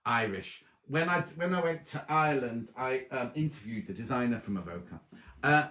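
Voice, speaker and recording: A man's voice: mid-range voice, expressive, normal speed, sharp tone, roomy sound. A man, hosting a sewing livestream and chatting casually as he reads out viewers' comments and thanks them by name. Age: 50s. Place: home room before a dark wall.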